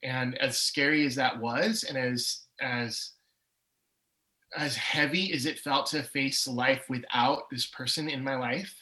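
Candid bright-voiced man in his forties. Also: mid-range voice, steady tone, slow, low-quality recording. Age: 40s. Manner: candid, emotional storytelling with swings in energy. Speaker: podcast guest. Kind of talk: personal testimony in an interview.

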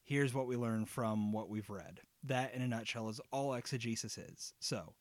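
A man explains Bible study in an earnest, conversational way, sometimes with a light joke. His pitch sits in a middle range for a man. The recording is dry and close, with no room echo. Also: normal speed. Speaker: Bible teacher.

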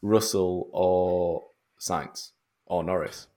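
A man co-hosts a podcast in casual chat. His voice sits a little low, and he talks in a wry, joking way. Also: fairly even intonation, drawn-out words, dark tone. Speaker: podcast co-host.

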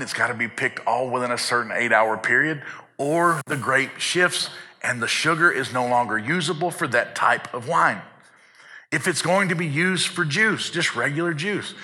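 A man's voice: medium pitch, pushed and bright. A man preaching a sermon in an earnest tone, building urgency and repeating words when he gets fired up.

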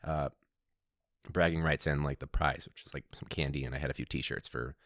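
A man hosting a casual storytelling podcast, rambling and laughing, with sudden incredulous jumps high in his voice. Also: steady tone, moderate pace, creaky, a bit bright, no echo, studio quality. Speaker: podcast host and teacher. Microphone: podcast microphone.

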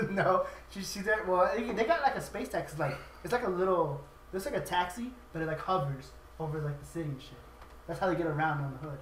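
A man's voice: a little high, brisk, a little hiss or hum. Guy rambling thru a movie recap, cracking up constantly, sounds far from the mic in an echoey room. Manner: laughing often, rambling, acting out quoted lines. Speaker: podcast host retelling a movie. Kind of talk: casual profane chat. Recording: roomy, off-mic with crowd chatter.

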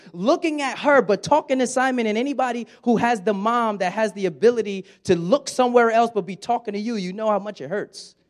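High-voiced man preaching a sermon. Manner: conversational preaching, acts out quoted lines. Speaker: pastor.

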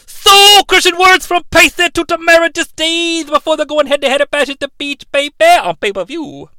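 Man impersonating a loud wrestling commentator, hollering baby and daddy, bright sharp voice, dry sound. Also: very high voice, moderate pace, dry recording, voice pushed up, full character voice. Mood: hyped, boastful. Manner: shouting catchphrases, calls people baby and daddy. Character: boisterous male wrestling-legend commentator, brash.

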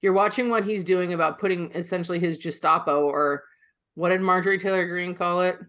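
A woman's voice: lowish voice, fairly even intonation, fairly quick, fairly bright tone. A woman co-hosting a podcast, talking politics in a blunt, profane, opinionated way. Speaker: podcast co-host. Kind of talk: casual political chat.

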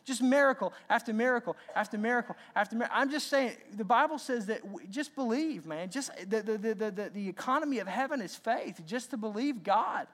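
Animated male pastor preaching. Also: sits high, fairly quick, few pauses. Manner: animated, repeats words, acts out God's lines. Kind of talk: sermon.

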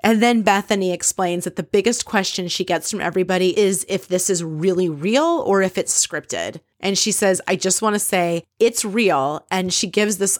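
A woman's voice: fairly low pitch, no echo, clean studio sound. A woman hosting a podcast, recapping a reality show in a chatty, gossipy and snarky way. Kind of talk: casual recap chat.

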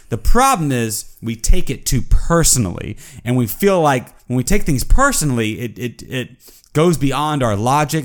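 A man with a mid-pitched, everyday voice co-hosts a relaxed podcast. He speaks earnestly and reflectively. He builds his points slowly through analogies and repetition. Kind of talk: casual podcast discussion.

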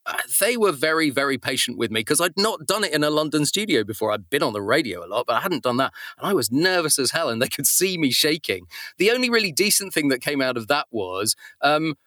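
Voice actor guy chatting on a podcast, bit high, dry close mic. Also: sing-song, brisk, sharp tone, no room sound. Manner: chatty, self-deprecating, with fillers. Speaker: voice actor guest. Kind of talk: casual interview chat.

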